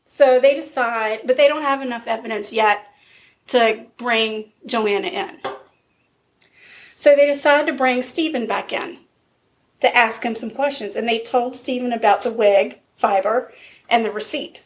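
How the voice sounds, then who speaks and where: Her voice is fairly high and a little slow. Co-hosting a podcast, she tells a true-crime story casually and brings it to life by acting out the quoted dialogue.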